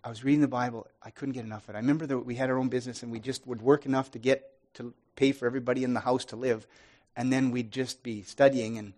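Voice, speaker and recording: A man giving an earnest sermon testimony, restarting often and swinging from loud to soft. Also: medium pitch, fairly even intonation, fast, few pauses.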